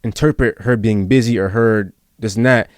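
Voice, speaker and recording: A man's voice: lowish voice, steady tone, normal speed, dry recording, clean studio sound. A young man hosting a podcast in casual chat, earnest and rambling as he tells a personal story. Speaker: podcast host.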